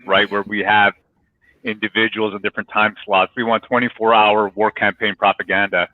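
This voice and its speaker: Low-voiced man on a tinny call line. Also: flat delivery, normal speed, no room sound. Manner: loose, profane, hype talk. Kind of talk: casual livestream chat. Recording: tinny phone-like call audio.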